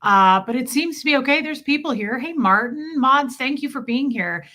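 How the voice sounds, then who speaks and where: This is a young adult woman chatting casually on a livestream from her home. Her voice sits a little high and sounds bright and forward. She talks in a loose, friendly way and often calls her viewers "babe" and "girl.". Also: animated, moderate pace. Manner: chatty, warm greetings, frequent laughs. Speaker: livestream host. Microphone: streaming setup mic.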